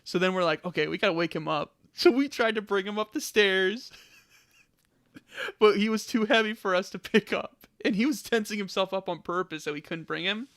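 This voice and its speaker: A man's voice: sits high, moderate pace, a bit bright. A young man co-hosting a podcast, retelling a party story in a casual chat and laughing often. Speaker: podcast co-host. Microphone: podcast mic.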